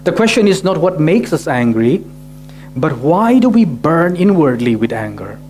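A man's voice: a little high, very animated, normal speed, darkish tone, soft background music. A male pastor preaching a sermon, asking rhetorical questions and often adding "right?" to his sentences. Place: church gathering.

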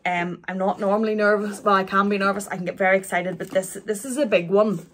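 A woman, chatting through an unboxing in a halting, emotional way, with many restarts. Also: mid-range voice, steady tone, a bit bright. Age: 40s. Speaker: luxury vlogger.

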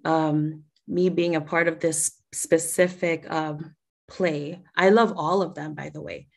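A young woman talks on a video call in a loose, chatty way, often laughing and starting her sentences over. Her voice sits low and has a gravelly fry. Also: steady tone, slow pace, a little mellow. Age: young adult. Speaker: voice actor. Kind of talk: casual video call chat.

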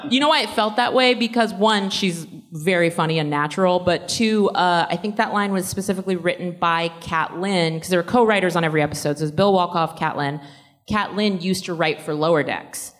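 A woman's voice: lowish voice, a little fast. A woman answering fan questions at a convention panel, chatty and laughing often, with many fillers. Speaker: panel guest and actor. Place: large convention hall. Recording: long reverb of a convention hall.

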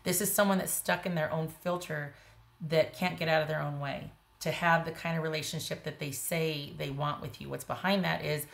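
A woman with a notably low voice gives a casual tarot reading to the camera. She talks bluntly and emphatically, in a conversational flow full of restarts. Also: fairly even intonation, brisk, gravelly. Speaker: tarot reader.

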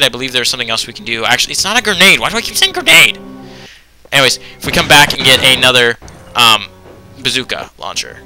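A man's voice: medium pitch, bright, forceful tone. Rambling young man commenting on a game. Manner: rambling with many ums and anyways. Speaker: let's play commentator. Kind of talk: casual gameplay commentary.

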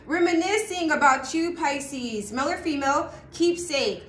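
A high-voiced woman reads tarot in a loose, chatty way. She gets excited, laughs a lot and sometimes sings a line. The room is echoey, with a faint hum of noise behind her. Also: unhurried. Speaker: tarot reader. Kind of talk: casual tarot reading livestream.

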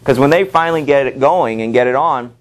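A man teaching a high school literature class in a classroom, conversational and full of fillers as he reads quotes aloud. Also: fairly quick. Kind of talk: classroom lecture.

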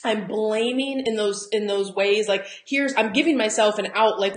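A woman's voice: medium pitch, moderate pace. A Southern American woman coaching travel agents in a chatty, encouraging live talk, often laughing and acting out quotes. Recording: roomy echo.

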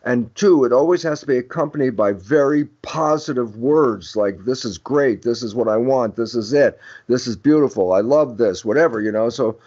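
An older man appears as a guest expert on a podcast, explaining his ideas in an emphatic, lecturing way and acting out quoted dialogue. His voice is mid-range and a little mellow at normal speed, on dull lo-fi audio.

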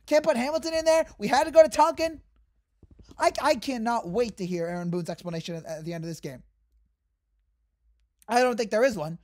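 A woman in full rant mode, exasperated and heated, her voice sitting fairly high. She talks straight to her viewers as a fan channel host, going over the same grievance again and again. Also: a little fast, pauses often, dark tone.

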